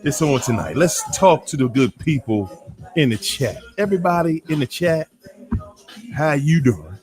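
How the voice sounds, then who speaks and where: A man hosting a casual livestream, greeting chat viewers by name in an animated way, drawing out names and laughing often. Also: fairly high pitch, moderate pace, over music. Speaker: livestream host.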